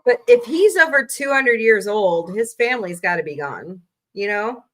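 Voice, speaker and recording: A woman hosting a casual livestream from home, chatty and animated, reacting with quick outbursts. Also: medium pitch. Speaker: livestream host.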